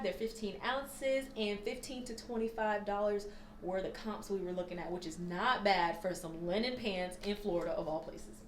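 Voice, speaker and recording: A woman's voice: medium pitch, normal speed, a little hiss or hum. A young woman chatting casually about her thrift haul for resale, gushing and laughing often. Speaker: reseller vlogger. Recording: echoey room.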